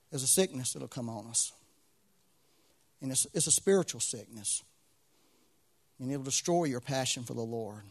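A man's voice: medium pitch, normal speed. A man preaching a sermon to a congregation, repeating phrases with swelling intensity. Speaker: pastor.

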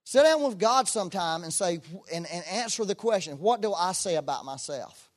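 A man's voice: sits high, expressive, moderate pace. Emphatic man preaching. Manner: emphatic, rising to loud bursts; folksy, self-deprecating asides. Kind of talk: sermon.

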